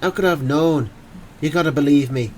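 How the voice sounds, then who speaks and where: A man's voice: fairly high pitch, a little fast, slight background noise, voice pushed up, lightly acted, rough recording. A man voicing a guilt-ridden young Irish immigrant, pleading breathlessly in an Irish accent. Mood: anguished pleading. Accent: put-on Irish.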